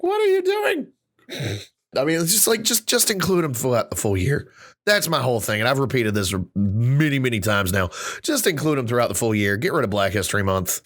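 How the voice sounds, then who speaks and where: A man's voice: medium pitch, a bit bright. A man hosting a casual podcast, ranting heatedly and swearing freely. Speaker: podcast host.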